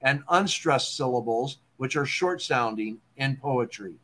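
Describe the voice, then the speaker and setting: A man hosting a casual talk show, explaining poetry terms in a relaxed way and checking in with "okay?". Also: mid-range voice, measured pace. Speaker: podcast host.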